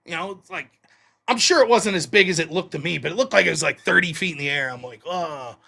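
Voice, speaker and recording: A man's voice: on the high side, quick pace, vocal fry, sharp tone. A male live stream host telling profane, rambling anecdotes in a casual storytelling way.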